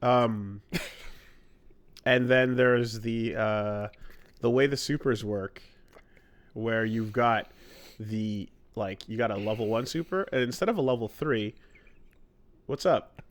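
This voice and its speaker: A man's voice: mid-range voice, takes it slowly, pauses often. Rambling man talking fighting games. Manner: rambling, filler-heavy, enthusiastic about fighting games. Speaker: podcast co-host. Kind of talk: casual chat.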